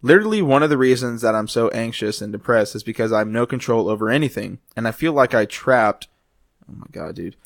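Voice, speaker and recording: A man's voice: mid-range voice, expressive, vocal fry, no echo. Young man reading aloud, dry mic. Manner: joking, reads aloud haltingly. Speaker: podcast co-host. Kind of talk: casual chat, reading posts aloud.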